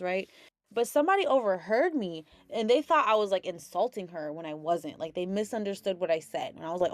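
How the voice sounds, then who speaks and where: A young woman hosting a casual spiritual chat, rambling with many fillers and telling stories in an animated way. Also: mid-range voice, a little fast, no echo. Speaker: host.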